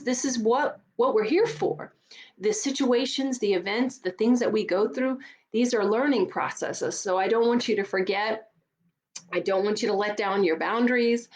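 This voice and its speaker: A woman's voice: mid-range voice, darkish tone. A middle-aged woman coach giving an earnest, emphatic motivational talk, often repeating words for stress. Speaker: divorce coach.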